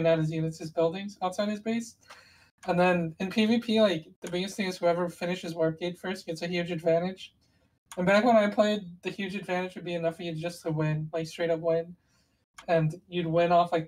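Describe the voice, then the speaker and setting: Brief: woman with a lower voice, co-host who walks through game strategy in loose, meandering detail. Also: fairly even intonation, normal speed, darkish tone, low-quality recording. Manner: rambling, detailed explainer with restarts. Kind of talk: casual gaming chat.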